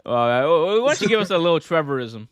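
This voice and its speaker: A man hosting a casual podcast, ranting and joking in an animated way. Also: a little high, brisk, clear, resonant tone. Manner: animated, joking rants with mock voices. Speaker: podcast host. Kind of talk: casual chat.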